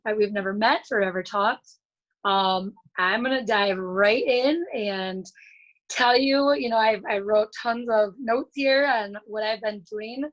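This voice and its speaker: An earnest, chatty woman giving a casual motivational talk as a guest speaker over a video call, with lots of fillers and restarts. Her voice sits a little high. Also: fairly bright tone, lo-fi sound.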